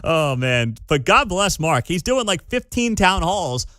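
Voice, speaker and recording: Opinionated morning radio host, animated delivery, close dry booth sound. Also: male voice, sits high, no echo. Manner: animated, opinionated, quick laughs. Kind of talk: morning talk radio commentary. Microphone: studio microphone.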